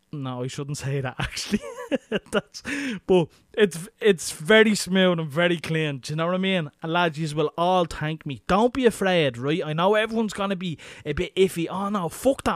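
A man's voice: fairly high pitch, dry recording, studio quality. An Irish man hosting a podcast, talking casually and crudely with lots of swearing. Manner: crude, swearing, chatty and matter-of-fact. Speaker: podcast host. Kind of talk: casual solo podcast monologue.

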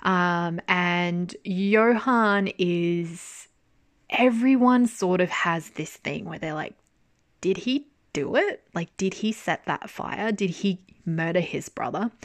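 A young woman chatting casually about a drama. She is animated, laughs often and swears. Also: on the low side, no room sound. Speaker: drama reviewer. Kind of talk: casual chat.

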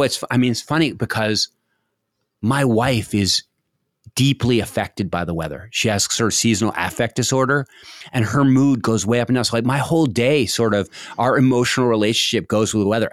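A man's voice: medium pitch, a little fast, no echo, studio quality. A middle-aged man giving casual advice on a podcast, acting out short example conversations with many restarts. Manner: animated, acts out example dialogues, frequent restarts.

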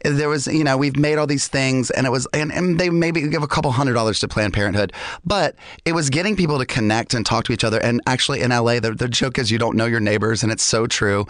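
A man hosting a podcast, rambling and animated, laughing often as he talks with guests. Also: medium pitch, fast talker, dry recording, studio quality. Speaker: podcast host. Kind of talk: casual chat. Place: studio with guests.

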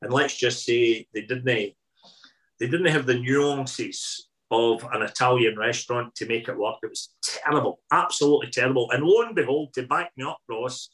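A Scottish man in his fifties, a guest in an interview, telling lively anecdotes in casual chat and repeating phrases for emphasis. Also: mid-range voice, low-quality recording. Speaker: interview guest, food columnist.

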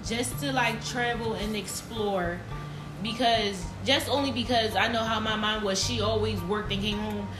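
A woman speaks softly and reflectively as a podcast panelist, at a mid pitch. The room echoes and music sits clearly in the background. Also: steady tone, normal speed. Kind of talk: casual panel chat.

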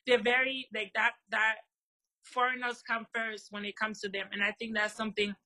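A woman from Liberia, a guest in an interview, explaining her culture in lively conversation with plenty of examples. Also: on the high side, normal speed, low-quality recording. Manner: animated storyteller, explains with examples.

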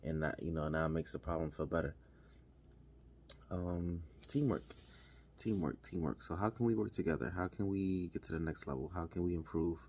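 A man's voice: low voice, fairly even intonation, brisk, a little mellow, a little hiss or hum. A man talking casually and repetitively, encouraging listeners to work as a team. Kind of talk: motivational monologue.

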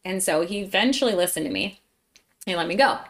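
A young woman from Pennsylvania, a guest telling a story in a casual interview, animated and quick to laugh, acting out what people said. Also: mid-range voice. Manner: animated, acts out dialogue, laughs often.

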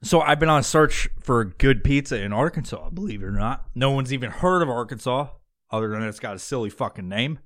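A podcast host from Long Island with a slight New York accent, ranting and swearing constantly as he mocks people in loud put-on voices. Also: mid-range voice, expressive, fairly quick. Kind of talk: profane comedic rant.

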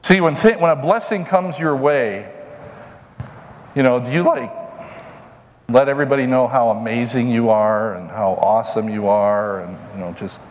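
A man's voice: medium pitch, normal speed, big-room sound, slight background noise. A pastor preaching a conversational sermon to his congregation in a church, now and then mocking a whiner in a put-on voice. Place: church sanctuary.

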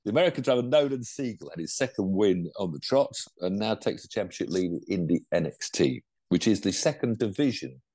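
Older man, dark dry voice. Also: fairly low pitch, a little fast, few pauses, no room sound. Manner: animated, rambling, lots of restarts and laughs. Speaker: co-host of a motorsport show. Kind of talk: casual roundup chat.

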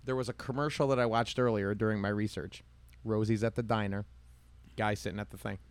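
A man's voice: steady tone, fairly quick, smooth, no echo. A man co-hosting a casual podcast chat, playfully retelling old TV commercials. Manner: acts out old commercials in high goofy voices. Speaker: podcast co-host.

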